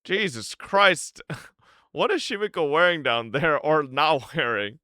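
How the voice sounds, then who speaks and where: A man streaming a game, reading its dialogue aloud in an animated, playful way. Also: a little high, a little slow, no room sound, clean studio sound.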